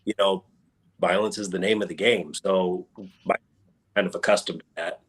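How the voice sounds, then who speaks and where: A man speaking on a casual author panel, halting and restarting as he works out what he wants to say. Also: low-pitched, fairly even intonation, breathy edge.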